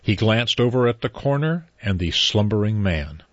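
A man reading a novel aloud as narrator, measured and even, in a dull, dry recording. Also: sits low, husky, dry recording. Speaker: audiobook narrator. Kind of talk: scripted narration.

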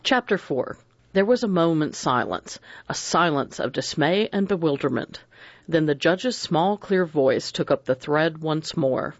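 A man narrating an audiobook in an even, unhurried storytelling manner. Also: fairly high pitch, no echo, highs cut off. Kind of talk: scripted narration.

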